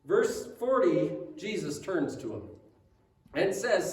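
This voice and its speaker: A man's voice: a little high, very animated, slow pace, a little mellow, a little hiss or hum. A man preaching a sermon as pastor, telling a story with asides and rhetorical questions to the congregation. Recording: echoey room, mic at a distance.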